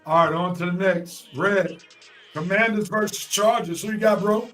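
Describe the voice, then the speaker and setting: Brisk high-voiced man hosting a sports panel. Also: fairly bright tone, soft background music. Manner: brisk, moves the panel from pick to pick. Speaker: host. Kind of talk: casual sports talk. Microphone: video call.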